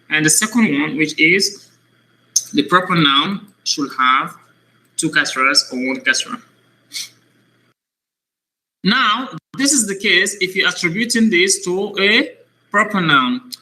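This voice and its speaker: A man teaching an Arabic lesson to a child, patient and slow, repeating each word to drill it. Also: on the high side, bright, forceful tone, rough recording. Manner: patient, repeats words slowly to drill them. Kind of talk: one-on-one language lesson for a child.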